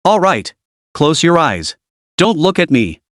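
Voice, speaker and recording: A man's voice: on the high side, big pitch swings, a little slow, a bit bright, dry recording, clean studio sound. A man voicing a bossy but shy young woman in a recap of a comic story, giving curt, flustered retorts.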